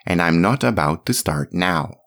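A man's voice: sits low, lively intonation, unhurried, creaky, fairly bright tone, full character voice. A man voicing a stubborn elderly male monk who grumbles theatrically. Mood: grumbling. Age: older. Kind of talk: audiobook character reading.

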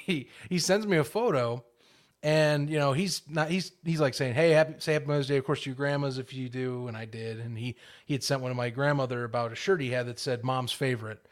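A man's voice: mid-range voice, brisk. A man co-hosting a sports podcast, chatting casually and laughing often. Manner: laughs often, easygoing banter. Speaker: podcast co-host. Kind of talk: casual chat.

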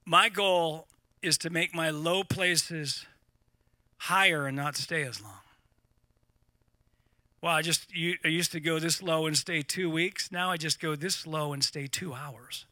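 A middle-aged man preaching to a live congregation, animated and repeating words as he talks. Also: a little high, measured pace, no room sound. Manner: animated, repeats words, laughs at own points. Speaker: pastor.

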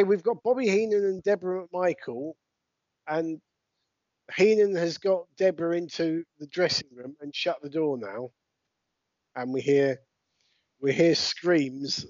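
A man's voice: a little high, unhurried, darkish tone, no room sound. Chatty British man, dry lo-fi sound. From United Kingdom. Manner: chatty, explains things for overseas listeners. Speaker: podcast co-host. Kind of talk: casual watch-along commentary.

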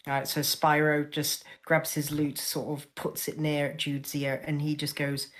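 A woman's voice: low-pitched, little pitch movement, measured pace, few pauses. A woman playing a tabletop game over online voice chat, describing what her character does, hesitant and full of "sort of"s. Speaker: player.

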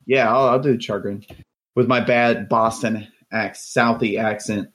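A man's voice: fairly low pitch, fairly even intonation, measured pace, fairly bright tone. A man hosting a casual podcast, telling stories in a rambling way with restarts and fillers. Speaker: podcast host.

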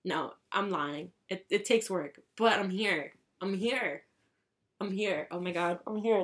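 Bright-voiced young woman vlogging casually. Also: unhurried. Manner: chatty, profane, bursts into excited high shrieks. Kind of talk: casual chat.

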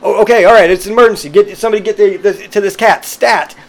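Man doing a panicked vet clinic worker. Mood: urgent alarm. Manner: hurried, urgent, high-pitched.

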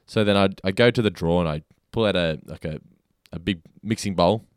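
Australian male co-host, low-ish voice, quick and animated, dry studio sound. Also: clean tone, dry recording. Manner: animated storyteller, acts out his own thoughts. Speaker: podcast co-host. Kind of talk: casual chat.

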